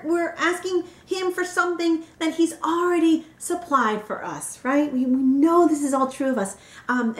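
A woman teaching a Bible study, often checking in with her listeners by asking "right?". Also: very high-pitched. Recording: roomy echo.

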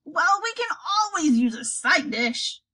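A woman's voice: high voice, sing-song, a little slow, bright, forceful tone, pitched above the performer's own voice, heavily acted, low-quality recording. A woman voicing a crude, smelly male troll in a storybook reading. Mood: gruff.

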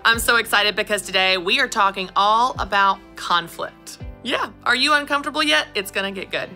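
A woman in her thirties hosting a solo podcast, telling personal stories with animated delivery and acting out quoted lines. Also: medium pitch, fairly quick, soft background music. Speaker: podcast host. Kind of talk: scripted solo podcast monologue.

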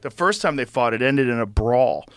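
A man hosting a podcast in casual chat, emphatic and swearing freely, loudly acting out the lines of the people he talks about. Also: medium pitch, lively intonation, moderate pace, no echo. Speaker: podcast host.

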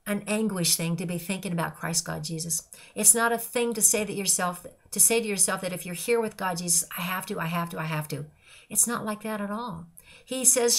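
A woman's voice: fairly low pitch, brisk, a bit bright. An older woman, a grandmother, giving an earnest personal devotional talk in a repetitive, list-like way of speaking. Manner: earnest and repetitive, listing phrases. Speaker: christian speaker.

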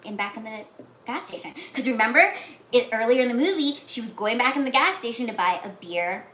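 A woman casually retells a movie plot, speaking a little high and a little fast, and sounding animated. She uses many "like"s and acts out the characters' lines in whispers and shouts. The room is echoey, with faint noise.

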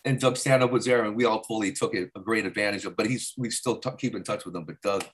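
A man's voice: fairly low pitch, quick pace, crowd noise. A middle-aged man from Arizona, a stand-up comedian guest, telling rambling stories in casual interview talk. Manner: rambling, slips into loud character voices for quotes.

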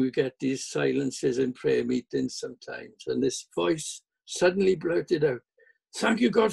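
An older man preaches a sermon as pastor, taking his time and lending his voice to the people in his stories. His voice is gravelly and husky, dark in tone, and sits a little high for a man. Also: low-quality recording. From Wales. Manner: slow, earnest preaching with quoted voices.

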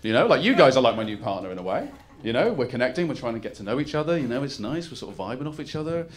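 A man, performing a live stand-up set and swinging from mumbled asides to loud bursts. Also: mid-range voice, sing-song, very fast. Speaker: stand-up comedian. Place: live comedy venue with audience. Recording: clear crowd noise and laughter in a theatre.

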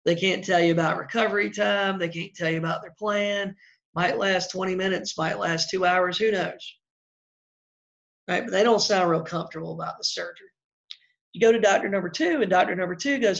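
Male real estate coach, blunt and chatty, gravelly voice, lo-fi sound. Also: high-pitched, brisk, fairly bright tone. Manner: blunt, conversational, acts out example calls. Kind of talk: casual coaching talk.

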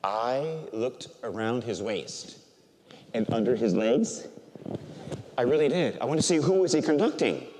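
An older man, a Catholic priest, preaching a sermon and telling a personal story with animated, emotional delivery that softens when he is moved. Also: medium pitch, a little slow. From United States. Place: large church. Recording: church hall reverb.

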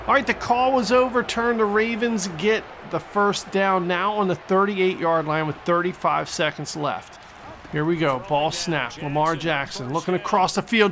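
A man giving excitable play-by-play commentary over a football video game, exclaiming at big plays and mocking the other team. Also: fairly high pitch, normal speed. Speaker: gaming channel host. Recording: stadium crowd noise from the game behind.

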